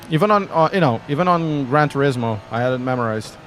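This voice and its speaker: A man's voice: medium pitch, lively intonation, fairly quick, fairly bright tone, soft background music. A man, chatting casually and rambling jokily on a sim racing live stream. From Portugal. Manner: rambling, self-deprecating and jokey.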